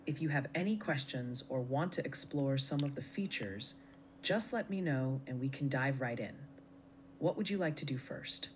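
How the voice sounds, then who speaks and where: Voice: medium pitch, normal speed, a little hiss or hum. Friendly synthetic assistant voice. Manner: polite, friendly, helpful. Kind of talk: conversational AI assistant replies.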